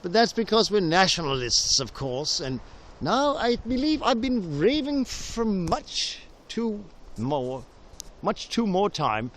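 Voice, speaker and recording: A man's voice: high voice, big pitch swings, slow, a bit bright, slight background noise. A man whose first language is Danish, rambling through a whimsical, punning improvised monologue outdoors in a forest, recorded on a handheld camera. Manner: whimsical, punning, full of restarts. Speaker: vlogger. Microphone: handheld camera, sometimes left on a tree.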